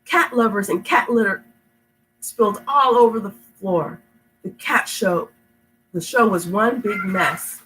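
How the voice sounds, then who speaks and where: A middle-aged woman with a sick, stuffy voice reads storybooks aloud to kids at home, then drifts into rambling, affectionate chat, laughing often. Her voice is medium-pitched, fairly bright and measured in pace, on a rough recording with a little hiss or hum.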